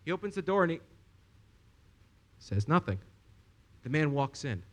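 A young man preaching a sermon, telling a story with lively asides and rhetorical questions to the congregation. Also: on the high side, moderate pace.

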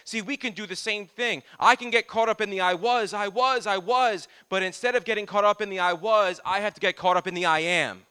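A man's voice: high-pitched, brisk, hardly any pauses, bright, forceful tone, clean tone. A man preaching a sermon as pastor to a live congregation, with repeated phrases and calls of "Amen?" between points. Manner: preaching with call-and-response "Amen?" and repetition.

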